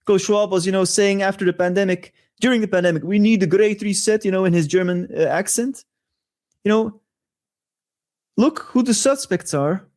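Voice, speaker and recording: Male show host, high-pitched, conspiratorial commentary monologue. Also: a little mellow. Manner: conspiratorial, rhetorical asides.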